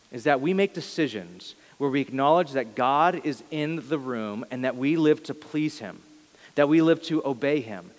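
A man's voice: mid-range voice, big-room sound. A male pastor giving a sermon, talking in an earnest, conversational way and often correcting himself mid-sentence.

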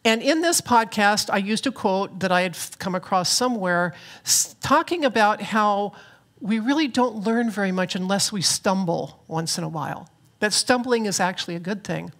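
A woman minister giving a reflective, earnest sermon with touches of light humor, speaking from a church platform. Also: medium pitch. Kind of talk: spiritual sermon.

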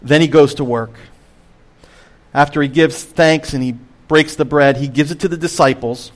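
Man, middle-aged, pastor, sermon, slightly high voice, expressive. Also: normal speed. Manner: expressive, swings between emphatic and hushed.

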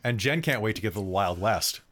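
Man, stream host and game master, low-pitched, chatty and rambling with lots of ums. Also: lively intonation, fairly quick, a bit bright. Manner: rambling, many fillers and restarts. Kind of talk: casual stream sign-off chat.

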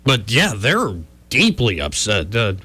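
A man's voice: mid-range voice, huge pitch swings, slow, bright, forceful tone, breathy edge. A man hosting a talk radio show, wry and joking with rambling asides. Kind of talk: casual talk radio banter.

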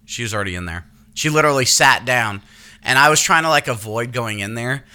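A man in his thirties telling a story in casual chat, animated and profane, acting out what people said. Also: medium pitch, brisk, clear, resonant tone. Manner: animated, profane, acts out quotes in raised voice. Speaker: podcast host.

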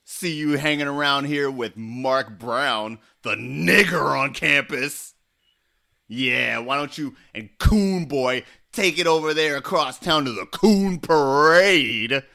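A man's voice: mid-range voice, creaky, bright, forceful tone, heavily acted. A man playing a sneering bigoted college bully in a comedy sketch, drawing out his taunts. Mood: taunting. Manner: jeering, drawn-out taunts.

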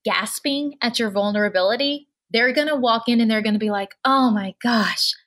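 A woman's voice: on the high side, a little fast, fairly bright tone. Earnest, chatty woman host. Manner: earnest, encouraging, many filler likes. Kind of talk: casual chat.

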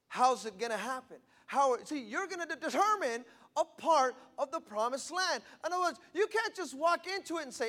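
A man preaching an emphatic sermon from the pulpit, repeating and stressing his key lines. His voice is unusually high for a man. He speaks to a live congregation in a church. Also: fairly bright tone. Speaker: pastor.

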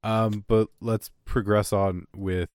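A man's voice: lowish voice, little pitch movement, slow pace, darkish tone, clear, resonant tone, dry recording, studio quality. A man co-hosting a podcast, chatting casually and hesitantly with frequent "um"s. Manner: hesitant, laughing, lots of "um". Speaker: podcast co-host. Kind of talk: casual chat.

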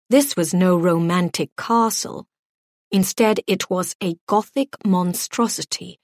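A woman narrating an audiobook in a measured, gently expressive storytelling voice. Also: mid-range voice, no room sound, clean studio sound.

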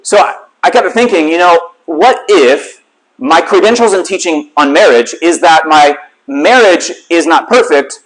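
A man's voice: on the high side, measured pace, poor audio. A man giving a sermon in a candid, conversational storytelling way, as a lay teacher.

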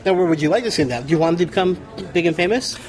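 A man's voice: a little high, lively intonation, rapid-fire, darkish tone. A man interviewing actors on a film set, upbeat with short reactions. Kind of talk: behind-the-scenes interview.

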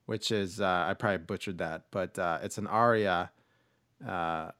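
A man with a low, steady voice hosts a podcast, chatting casually about movies at a moderate pace and rambling with plenty of fillers and restarts. His tone is a bit bright, and the studio-quality recording has no room sound.

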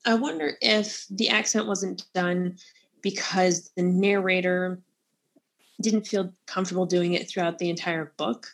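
A woman's voice: on the low side, unhurried, vocal fry. Playful woman podcast co-host. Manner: playful, laughs often. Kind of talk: casual book chat.

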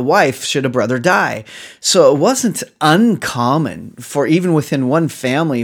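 A man preaching a sermon, animated and chuckling, acting out the lines of people in the story as he retells it. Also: mid-range voice. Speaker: pastor.

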